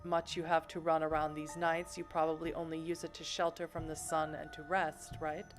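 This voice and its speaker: A woman voicing a smooth, polite male vampire sheriff with a quietly menacing, mocking manner, read in a video game stream. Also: deep voice, flat delivery, normal speed, music in the background, natural voice.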